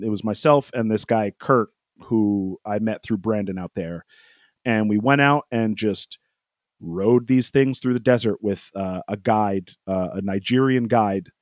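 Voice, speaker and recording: A man's voice: lowish voice, a little slow, no echo, clean studio sound. A man telling a travel story in a casual chat, rambling with lots of fillers, laughing often and acting out quoted lines.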